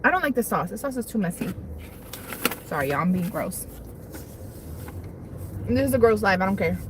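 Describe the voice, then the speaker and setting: A woman's voice: medium pitch, animated, normal speed. Young woman, casual livestream chat, talks with her mouth full, phone mic, faint background hum. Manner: chatty, rambling, eats while talking. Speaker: livestream host. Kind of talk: casual livestream chat while eating lunch. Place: parked car on lunch break.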